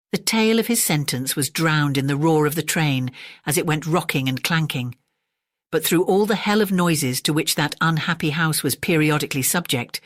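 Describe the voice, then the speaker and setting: A calm, measured narrator reading a classic detective story as a bedtime audiobook. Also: medium pitch, no room sound, studio quality.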